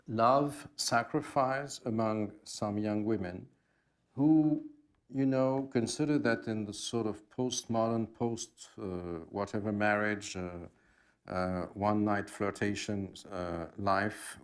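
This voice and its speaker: A French man in his sixties, a native French speaker, answering audience questions as a guest expert, speaking haltingly with many fillers and wry asides. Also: on the low side. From France. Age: 60s. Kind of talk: Q&A talk at a public forum.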